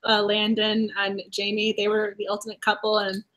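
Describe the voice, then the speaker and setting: A woman hosting a casual chat about books, chatty and quick to laugh. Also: medium pitch, monotone, fairly bright tone. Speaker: host.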